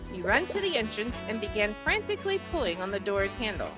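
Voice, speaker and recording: A woman's voice: mid-range voice, very animated, quick pace, hardly any pauses. A woman streaming a visual novel, reading it aloud expressively and reacting between lines. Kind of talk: reading a game story aloud. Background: background music.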